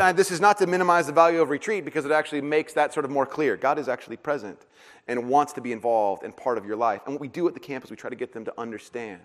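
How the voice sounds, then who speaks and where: A middle-aged man preaching a sermon, a pastor telling self-deprecating stories and acting out the voices in them. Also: mid-range voice. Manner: storytelling, self-deprecating, animated retelling with acted-out voices. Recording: long hall reverb.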